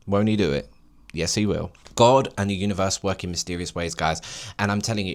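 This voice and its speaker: A man in his late twenties hosting a solo podcast, rambling and preachy as he urges listeners on with emphatic encouragement. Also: on the low side. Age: late 20s. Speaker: podcast host.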